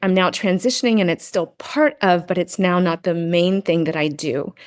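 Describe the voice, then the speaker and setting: A woman's voice: lowish voice, normal speed, clean tone. Middle-aged woman telling a story earnestly. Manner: earnest storytelling, frequent "right?" tags. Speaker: podcast guest, grief and Gestalt practitioner. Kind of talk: casual interview conversation.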